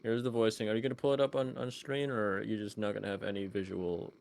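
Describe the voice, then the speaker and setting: A man's voice: on the low side, level tone, fast, gravelly, darkish tone, slight background noise. A man with a New York accent chatting over voice call, joking and rambling. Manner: joking, rambling, self-deprecating. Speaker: guest on voice call. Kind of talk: casual stream chat.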